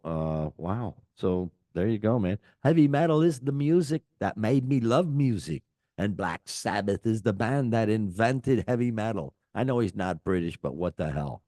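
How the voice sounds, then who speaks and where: An older man co-hosts a casual rock chat show as a podcast, rambling and joking with plenty of fillers. His voice is on the low side and warm, recorded in studio quality with no echo.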